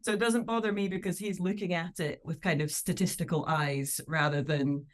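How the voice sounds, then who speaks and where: A Scottish woman in her thirties, a comedian chatting on a podcast with lively storytelling, laughing often and acting out quotes. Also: fairly low pitch, normal speed. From Scotland. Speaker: comedian guest. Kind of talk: casual podcast chat.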